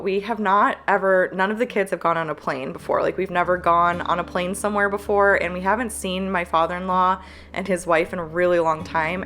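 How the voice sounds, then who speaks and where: A woman in her thirties with a small business, talking candidly to camera, earnest and halting with fillers. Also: medium pitch, a bit bright. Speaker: planner business owner.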